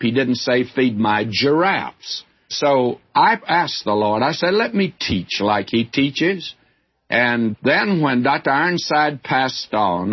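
Husky older man preaching a folksy sermon. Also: medium pitch. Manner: folksy, earnest, chuckling asides. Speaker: Bible teacher preacher. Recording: dull lo-fi old recording.

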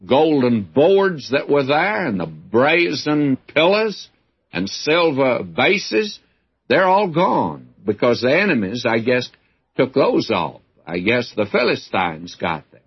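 A male Bible teacher speaks in a conversational, folksy preaching manner, leaning hard on his key words. His voice is slightly husky, and his pitch rises and falls a lot as he drives his points home. The sound is muffled and lo-fi, like an older broadcast recording. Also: big pitch swings, takes it slowly. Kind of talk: radio Bible teaching sermon.

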